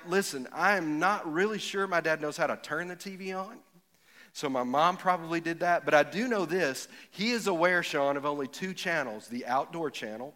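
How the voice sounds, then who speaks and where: A middle-aged pastor with a bright, somewhat high voice preaches a sermon in an echoey hall with long reverb. His folksy storytelling rises to emphatic moments and builds up to jokes.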